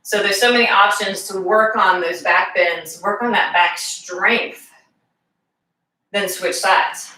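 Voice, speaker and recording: A woman fitness instructor leading a live exercise class, calmly giving cues and counting reps aloud. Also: mid-range voice, slow pace. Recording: echoey room, voice from far off.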